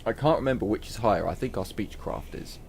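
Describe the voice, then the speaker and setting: Man, casual game commentary, frog in throat, lively pitch, faint hum behind. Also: fast talker, creaky. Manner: casual, muttering asides, coughing. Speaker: gaming video host. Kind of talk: let's play commentary.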